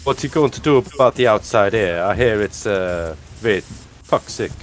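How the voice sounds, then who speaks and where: A man playing a tabletop game, talking in character with a halting, drawling manner. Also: on the low side, animated. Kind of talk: in-character role-play chat.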